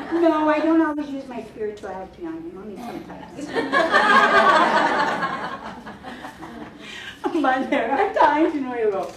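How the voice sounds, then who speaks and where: A woman's voice: sits high, very animated, takes it slowly, pauses often, very noisy. A woman from Hawaii with a Hawaiian Pidgin-tinged accent, a spiritual teacher leading an informal workshop talk in a chatty, playful way, laughing often and mixing in Hawaiian words. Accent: Hawaiian Pidgin-tinged English. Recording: echoey room, distant mic, faint ambience.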